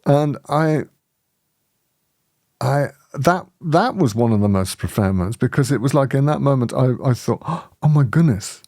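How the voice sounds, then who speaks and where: A man hosting a spiritual community, telling a personal story in lively conversation, often laughing and restarting his sentences. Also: mid-range voice, measured pace, no echo, studio quality.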